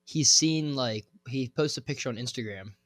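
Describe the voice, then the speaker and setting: A young man co-hosting a podcast, telling stories in a relaxed, casual way. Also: medium pitch, moderate pace, no echo. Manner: relaxed storytelling, lots of fillers and swearing. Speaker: podcast co-host. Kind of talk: casual chat.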